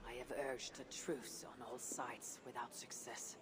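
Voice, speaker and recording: A deep-voiced warrior woman. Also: level tone, unhurried, in a large hall, faint music behind. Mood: earnest. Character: calm female warrior seeking a truce.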